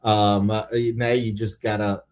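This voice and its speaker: A man's voice: lowish voice, little pitch movement, a little slow. Man, sports co-host, sarcastic, opinionated, casual debate.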